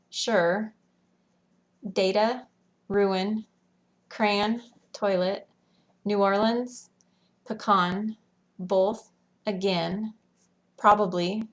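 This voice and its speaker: A woman in her thirties from Washington State with a Western American accent, reading a word list and casually answering accent questions with some hesitant fillers. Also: mid-range voice. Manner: plain, unhurried, with hesitant fillers. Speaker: elementary school teacher.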